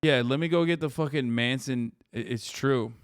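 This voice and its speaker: A man streaming live, reacting to clips with profane, mocking, animated commentary. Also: medium pitch, moderate pace, smooth, dry recording, clean studio sound. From United States.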